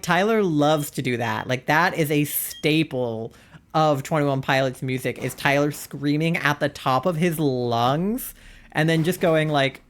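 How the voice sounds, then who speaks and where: A streamer chatting on a live stream in an earnest, gushing way. The talk rambles, with "like" in almost every breath. The voice sits in an ordinary middle pitch. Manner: rambling, says "like" constantly. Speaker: livestreamer. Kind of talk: casual chat.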